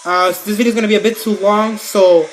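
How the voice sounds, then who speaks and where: A man's voice: high voice, fairly even intonation, fast, slight background noise. Male vlogger, loose and profane storytime delivery, lots of filler. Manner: rambling, profane, full of filler. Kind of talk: casual storytime narration.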